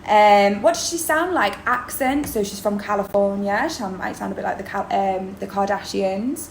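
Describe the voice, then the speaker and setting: A woman's voice: mid-range voice, normal speed, gravelly. A woman drama teacher, explaining in a chatty video lesson with many ums. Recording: roomy echo, faint background noise.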